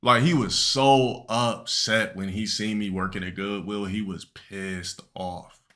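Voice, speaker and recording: A man's voice: low voice, steady tone, takes it slowly, fairly bright tone. A young man streaming live, telling a long, rambling, profane story to his chat with many restarts and fillers.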